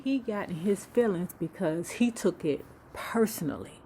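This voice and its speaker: Sassy low-voiced woman dishing gossip. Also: animated, normal speed, hardly any pauses, dark tone, slight background noise. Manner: sassy, profane, mocking asides. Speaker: YouTube book club host. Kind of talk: casual gossip storytelling.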